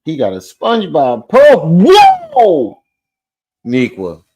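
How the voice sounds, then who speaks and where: A man hosting a casual livestream, loud, profane and teasing as he jokes with the chat. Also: medium pitch, expressive, normal speed. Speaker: livestream host.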